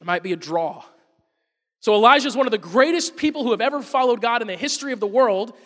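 A man preaching a sermon, telling the story in an animated way and acting out the quotes. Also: very high voice, fast talker, big-room sound.

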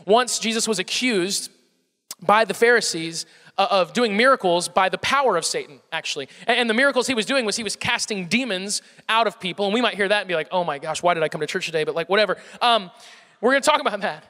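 A man's voice: high-pitched, lively intonation, a little fast, bright, forceful tone, in a large hall. A male pastor with a Southern American accent preaching a conversational sermon, often repeating words and putting questions to the congregation.

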